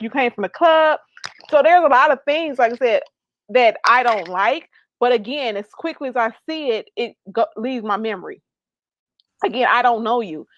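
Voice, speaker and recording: A woman's voice: fairly high pitch, fairly bright tone, no room sound. A woman guest and author speaking bluntly and emphatically in a casual panel discussion over a video call. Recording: dull dry sound.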